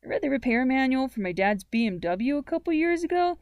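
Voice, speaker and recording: A woman's voice: high voice, big pitch swings, a little fast, darkish tone, no echo, clean studio sound, pitched above the performer's own voice. Woman reading as an easygoing teenage boy. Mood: casual. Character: teenage boy, easygoing and teasing best friend.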